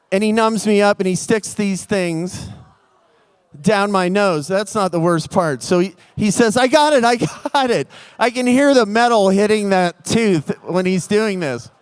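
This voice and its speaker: Brief: male storyteller, clear and high-pitched, animated comic delivery on stage. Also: no echo. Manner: animated, comic, acts out the scenes. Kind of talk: live storytelling.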